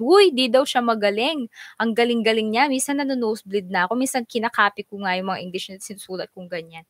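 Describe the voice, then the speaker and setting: Bubbly woman host, higher voice, close dry sound, greets chat viewers one by one. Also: fast talker, no room sound. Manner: bubbly, mixes Tagalog and English, greets viewers by name. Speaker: live stream host. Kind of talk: casual live chat, reading out viewer comments.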